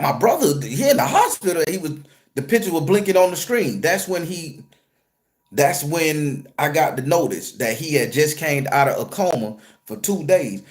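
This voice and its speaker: A man telling a personal story in a casual, profane, joking way, jumping from loud excited retelling to a low murmur. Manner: crude, joking, streetwise slang. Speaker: spiritual content creator and tarot reader.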